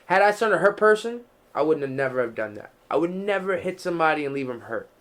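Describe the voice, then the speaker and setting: A man's voice: on the high side, sing-song, fast, fairly bright tone. A young man hosting a casual podcast, telling loose, profane stories with lots of restarts. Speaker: podcast host. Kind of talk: casual chat.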